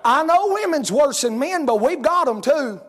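A male preacher with a strikingly high-pitched voice. He tells homespun stories to his congregation in a folksy way and works up to loud hollering. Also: lively intonation, normal speed, long reverb tail. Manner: folksy storytelling, rising to hollering. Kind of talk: sermon.

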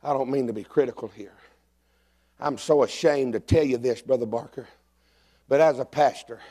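A middle-aged man, a pastor preaching a sermon who swings from shouted, climbing lines to low, confessional talk.

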